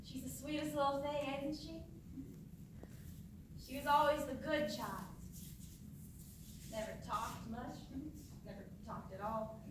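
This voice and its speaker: A woman's voice: high-pitched, far from the mic. A woman playing an eerie mother who is sweetly cheerful one moment and coldly morbid the next. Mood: sugary. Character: eerie doting mother of grown children, dwells on a dead son. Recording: echoey room, mic from afar, noisy.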